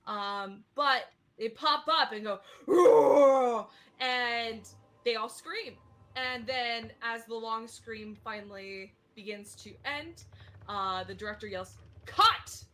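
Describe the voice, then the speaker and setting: A woman's voice: fairly high pitch, slow, pushed and bright. A woman narrating as game master of a tabletop game, describing scenes in a chatty way with many fillers.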